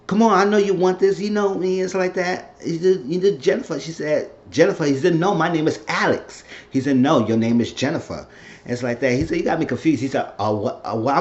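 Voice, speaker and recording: Animated man recapping a TV episode. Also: dull audio. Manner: animated retelling, acting out characters' lines with big jumps in pitch. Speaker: TV recap host.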